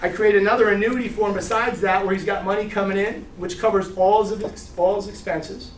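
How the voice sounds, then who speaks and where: A middle-aged man giving an energetic, salty sales training talk to a room, full of stories. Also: high-pitched, a little fast, recorded from a distance. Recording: echoey room recorded from afar with faint hiss.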